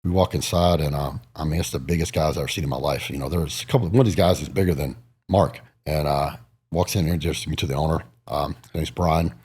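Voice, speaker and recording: A man's voice: a bass voice, fast talker, slightly rough. A man in his forties, a guest in an interview, telling stories with animation and acting out other people's voices. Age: 40s. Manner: animated storyteller, acts out quoted voices. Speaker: guest, bodybuilder. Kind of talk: casual storytelling interview.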